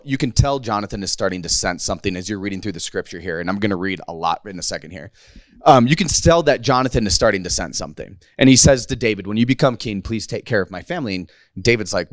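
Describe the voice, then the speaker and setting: A man's voice: fairly low pitch, no echo, clean studio sound. A man in his thirties preaching a casual, conversational sermon to a congregation, slangy and playful, acting out the quotes. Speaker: pastor.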